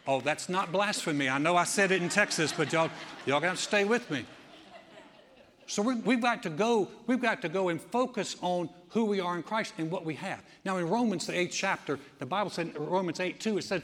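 Preaching man in a reverberant church hall. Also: high voice. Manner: animated preaching, acting out quoted voices, congregation asides. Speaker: pastor. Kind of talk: sermon. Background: congregation responding.

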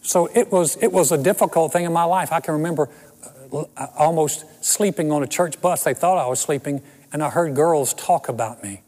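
Man in his 60s, pastor with a somewhat high voice, preaching through funny personal stories, echoing in a large hall. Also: moderate pace, a little mellow. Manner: storytelling with self-deprecating humor. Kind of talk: sermon.

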